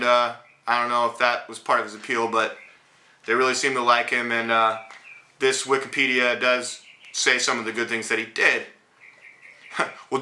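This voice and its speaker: The male host of a political commentary show rants in a blunt, sarcastic vlog, his mid-range voice sharp in tone. The recording sounds roomy and echoey.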